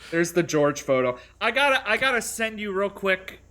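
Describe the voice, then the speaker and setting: High-voiced joking male co-host. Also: very animated, normal speed, bright, forceful tone, a little hiss or hum. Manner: joking, often puts on voices. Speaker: podcast co-host. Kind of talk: casual chat.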